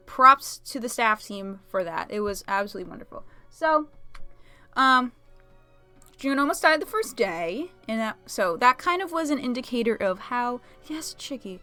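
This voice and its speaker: A woman telling a convention story while she paints at home, chatty and giggly with quick asides. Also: a little high, lively intonation, bright, forceful tone, faint music behind. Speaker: video creator. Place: home, talking to her pet bird.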